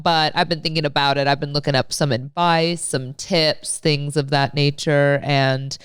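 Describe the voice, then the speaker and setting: A woman in her late thirties co-hosting a podcast, her voice stuffed up from a head cold. Despite the congestion her tone stays smooth and clear, and the sound is dry and close. She rambles in a chatty, self-deprecating way. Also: deep voice, steady tone, normal speed, hardly any pauses, no room sound. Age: late 30s. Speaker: podcast co-host. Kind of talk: casual podcast chat.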